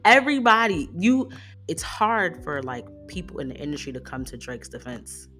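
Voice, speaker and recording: A woman hosting a solo podcast, talking through a run of rhetorical questions in an animated, emphatic way. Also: sits low, moderate pace, soft background music. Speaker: podcast host.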